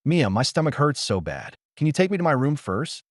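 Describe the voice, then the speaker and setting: Guy reading a whiny pitiful young rival, lively up-and-down voice, dry. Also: fairly high pitch, brisk, dry recording, voice pushed up. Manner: pitiful, whining. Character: whiny young man, self-pitying rival.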